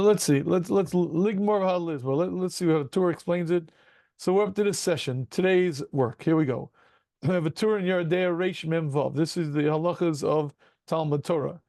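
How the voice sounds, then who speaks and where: A man teaching a Talmud class to students over a video call, asking rhetorical questions and breaking into quick chuckles. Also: on the high side, vocal fry, no room sound, clean studio sound. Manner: animated, rhetorical questions, addresses students as gentlemen; self-deprecating chuckles, quick asides.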